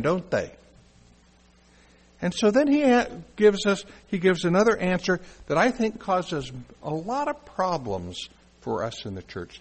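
A middle-aged man preaching a sermon, animated and acting out quoted lines as he teaches. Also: on the high side, breathy edge. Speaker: pastor.

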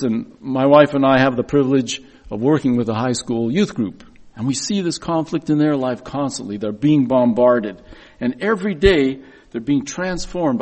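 In a mid-range voice with a darkish tone, a middle-aged preacher shares personal stories during his sermon. He speaks earnestly, frequently repeating words along the way.

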